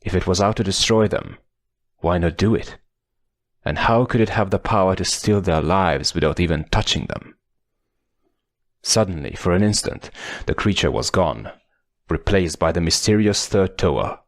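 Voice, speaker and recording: Casting: male audiobook narrator, deep and gravelly, measured dramatic pacing. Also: lively intonation, dry recording, studio quality. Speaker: audiobook reader.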